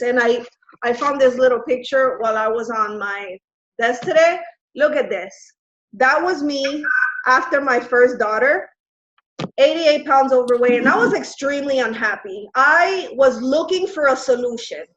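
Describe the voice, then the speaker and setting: High-voiced woman telling her story excitedly. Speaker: fitness coach. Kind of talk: recruiting talk on a group call. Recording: roomy, dull lo-fi call audio.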